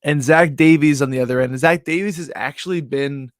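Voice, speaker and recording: A man's voice: a little high, brisk, dry recording. Rambling young guy, dry sound. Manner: rambling, animated storyteller full of "like". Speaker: sports betting show host. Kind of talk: casual storytelling recap.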